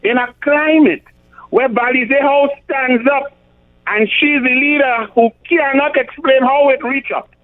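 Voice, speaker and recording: A man's voice: very high voice, measured pace. Emphatic Trinidadian man on talk radio. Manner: emphatic, repetitive, stumbles on numbers. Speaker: radio talk show host. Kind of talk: political commentary on talk radio. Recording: tinny phone-like radio sound.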